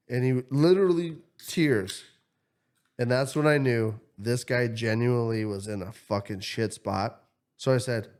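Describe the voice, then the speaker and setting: A man's voice: mid-range voice, normal speed. A man, co-hosting a podcast, telling a story in casual chat and acting out the people in it. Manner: animated, swears freely, acts out quotes. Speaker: podcast co-host.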